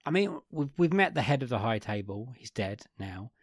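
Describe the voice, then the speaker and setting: A man co-hosting a podcast, chatting casually about a film with wry, rambling, deadpan asides. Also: medium pitch, normal speed, husky, no echo, studio quality. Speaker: podcast co-host. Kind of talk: casual film review chat.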